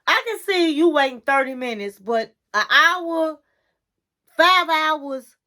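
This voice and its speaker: A woman's voice: high-pitched, lively intonation, slow pace, sharp tone. A woman hosting a casual reality TV recap, chatty and sassy, talking straight to the listener.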